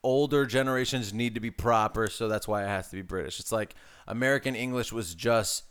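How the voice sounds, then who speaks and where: A man co-hosting a podcast in casual comedic chat, blunt and crude, telling quick stories from work. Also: on the low side, a bit bright, clear, resonant tone. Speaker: podcast co-host.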